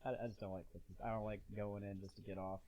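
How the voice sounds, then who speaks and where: A man's voice: lowish voice, flat delivery, quick pace, dark tone, a little hiss or hum, rough recording. Candid rambling man on a podcast. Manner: candid, rambling, laughs at himself. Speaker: podcast host. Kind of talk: casual comedic chat.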